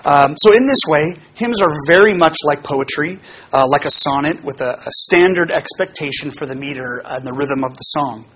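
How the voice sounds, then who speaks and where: A pastor with a slightly raised, husky voice talks his congregation through a lesson in an easygoing, explanatory way. He stops now and then for small asides and plenty of "um"s, like a teacher thinking aloud in front of a class. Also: on the high side, moderate pace, fairly bright tone. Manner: casual and explanatory, with many fillers and asides. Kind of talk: teaching talk on hymns to a congregation.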